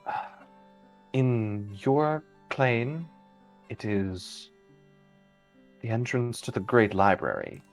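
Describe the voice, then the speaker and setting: A man voicing a calm, knowing female fey being in a tabletop game, speaking slowly and in a measured way. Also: fairly low pitch, faint music behind, heavily acted.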